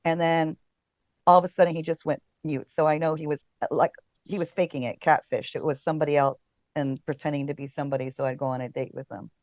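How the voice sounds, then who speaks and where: A woman's voice: sits low, steady tone, fast, no echo, lo-fi sound. A woman casting director talking as a podcast guest in casual chat, chatty and storytelling, with lots of fillers and frequent laughs.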